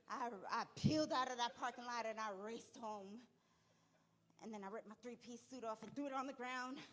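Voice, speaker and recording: A young woman telling an animated stand-up story on a comedy club stage, acting out people in quick bursts. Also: on the high side.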